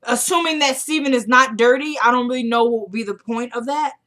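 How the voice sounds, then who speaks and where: A woman's voice: on the high side, fairly quick, sharp tone. A young woman chatting casually as she recaps a TV episode, animatedly quoting the characters' lines in her own voice.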